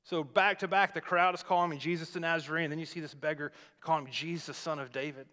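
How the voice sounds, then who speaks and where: A pastor preaching a sermon, retelling a scripture story in a conversational, explaining way. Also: male voice, a little high, steady tone, fast talker, bright, forceful tone. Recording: long reverb of a large hall.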